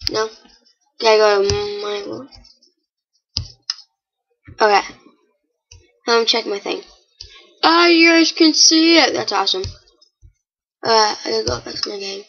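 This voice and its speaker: Excitable high-voiced woman gaming, lo-fi. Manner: excitable, chatty, frequent startled exclamations. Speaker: gamer. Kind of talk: casual gameplay commentary.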